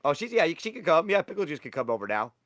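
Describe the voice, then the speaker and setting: A man's voice: on the high side, very animated, fast, fairly bright tone. A young man running a tabletop game as dungeon master, narrating in a loose, rambling way and swearing casually.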